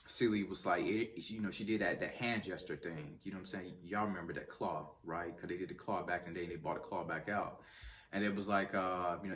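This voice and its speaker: A man's voice: sits low, fairly bright tone, distant mic, a little hiss or hum. A man hosting his own movie review channel, chatting casually to viewers with lots of ums and restarts. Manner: chatty, talks straight to viewers; rambling, many ums and restarts. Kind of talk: casual film review vlog.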